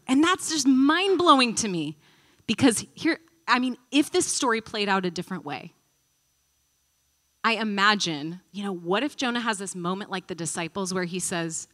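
Woman, Bible study teacher, animated storytelling, chatty, mid-pitched voice. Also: moderate pace. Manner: animated storyteller, acting out quotes; conversational, thinking aloud.

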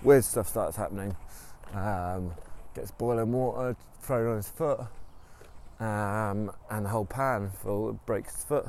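Slow, gravelly man rambling through a story. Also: fairly low pitch, a little mellow, a little hiss or hum. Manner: rambling, with many ums and restarts. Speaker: podcast storyteller. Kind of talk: casual story retelling.

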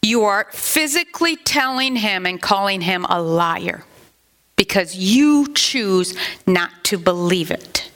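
Older lady preacher, slow talking, bright voice, lots of asides to the church. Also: medium pitch. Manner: animated, conversational preaching with asides. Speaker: pastor. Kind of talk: sermon.

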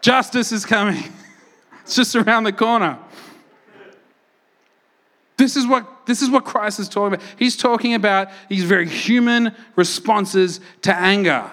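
A man preaching a sermon, telling stories and acting out quotes with lively energy. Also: sits high, a little slow, pauses often. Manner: animated storytelling, acts out quotes loudly. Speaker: pastor.

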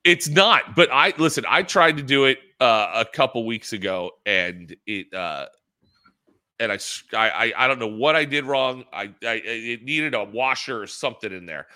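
A man's voice: mid-range voice, moderate pace. A middle-aged man co-hosting a casual racing talk show on a video call, telling rambling stories with lots of restarts. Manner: rambling storyteller, animated, many restarts. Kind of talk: casual chat. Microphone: laptop built-in camera mic on a video call.

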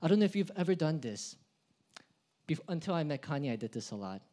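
A young adult man delivering a sermon in a fairly high voice. He builds to loud, emphatic peaks, then drops into quiet, low asides. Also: sing-song, fast talker. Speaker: pastor.

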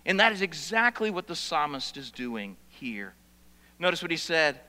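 A high-voiced, bright-toned man preaching, his delivery swinging from quiet and close to loud and pleading. The sound carries a long hall reverb. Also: big pitch swings, moderate pace. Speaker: pastor. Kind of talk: sermon.

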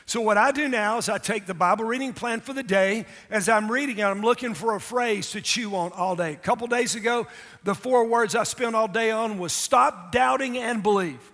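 Middle-aged male pastor, high voice, emphatic sermon delivery, long reverb of a big hall. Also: a little fast, fairly bright tone. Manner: emphatic, calls for audience response.

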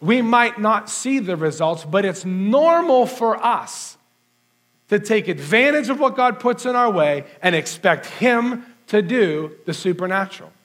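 A pastor giving an earnest sermon, telling a personal story in a conversational way with many fillers. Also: male voice, high voice, animated, a little slow, fairly bright tone.

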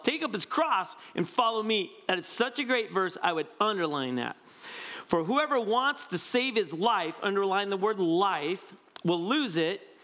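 Man, pastor, sermon, conversational, animated, pitch swinging widely. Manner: animated, conversational, frequent "right?".

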